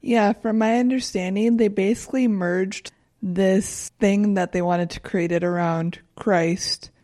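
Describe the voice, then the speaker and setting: A young woman co-hosting a casual podcast chat, calmly presenting researched facts with dry humor. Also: medium pitch, measured pace, no echo. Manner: calm, matter-of-fact, dry humor.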